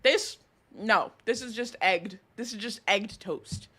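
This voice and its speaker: A woman's voice: medium pitch, takes it slowly, fairly bright tone, slightly rough. A woman streamer, chatting to her audience and ranting with outrage and laughter. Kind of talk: casual live-stream chat.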